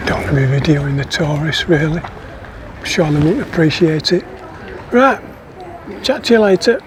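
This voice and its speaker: Climbing breathlessly across windy hills and moors, a man vlogs his long-distance walk in a casual, chatty way, rambling and correcting himself. His voice is a little high, at normal speed, with background noise.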